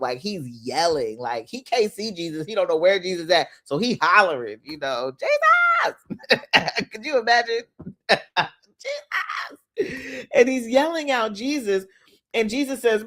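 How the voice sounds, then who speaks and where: A woman with a low-pitched voice hosts a motivational talk as a manifestation coach. She's lively and preachy, animated and playful, laughing often and hollering for emphasis.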